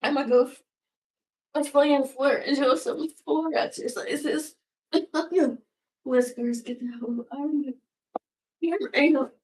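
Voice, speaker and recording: A woman's voice: high-pitched, steady tone, slow pace, darkish tone. A woman in her sixties rambling casually at home in a goofy, self-mocking way, swearing freely and drifting now and then into whispers. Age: 60s. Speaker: vlogger. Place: home room.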